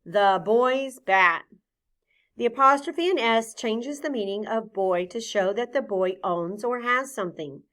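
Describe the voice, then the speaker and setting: A woman teaching a phonics lesson to young children, patient and clear, sounding out each letter sound deliberately. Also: a little high, lively intonation, fairly bright tone.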